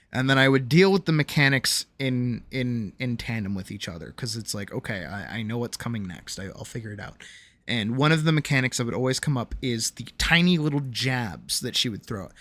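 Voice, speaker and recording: Candid, rambling streamer with a bright voice. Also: medium pitch, dry recording. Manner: rambling and candid, with many restarts and fillers. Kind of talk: casual stream chat, reading chat messages.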